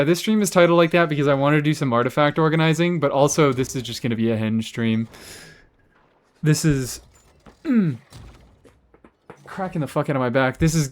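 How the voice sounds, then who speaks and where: A sarcastic young man talks to his live chat from a home gaming setup, teasing viewers and swearing freely. His voice is smooth and clear, sitting at an ordinary middle pitch, picked up on a desk mic. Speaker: streamer. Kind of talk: casual game stream chat.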